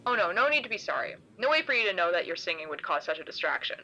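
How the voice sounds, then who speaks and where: A woman's voice: on the low side, sing-song, quick pace, bright, forceful tone, highs cut off, exaggerated voice. A woman playing a teasing, theatrical shadow creature. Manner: playful, teasing, sing-song.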